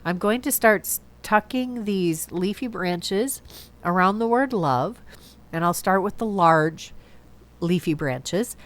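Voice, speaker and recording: A woman's voice: lowish voice, expressive, slow. A woman with a stuffy nose from a cold, chatting casually through a card-making voice-over and often correcting herself. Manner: chatty, self-correcting, thinks aloud. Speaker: card-making video host.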